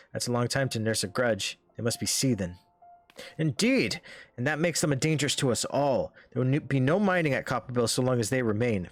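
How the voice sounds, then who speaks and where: A man's voice: fairly low pitch, lightly acted. A man voicing a formal, earnest male official, read aloud with old-fashioned phrasing.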